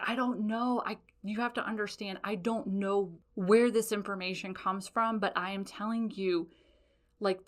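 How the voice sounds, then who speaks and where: A woman podcast host telling stories in a casual, rambling monologue, animated and profane, with frequent laughs. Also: mid-range voice.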